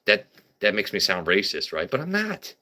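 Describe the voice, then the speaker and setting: A man's voice: on the low side, wildly swooping pitch, a little fast, bright, forceful tone. A man hosting a casual comedy livestream, rambling and riffing with stammered restarts. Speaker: livestream host.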